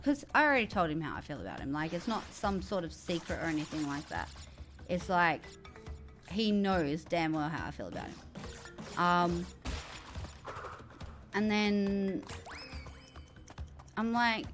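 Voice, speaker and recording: A woman streaming a game, talking casually and cursing freely at a medium pitch. Her voice jumps into loud yelps whenever the game goes wrong, over faint game music in the background. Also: animated, normal speed. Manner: chatty and swearing, with loud outbursts at the game. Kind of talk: casual chat while gaming.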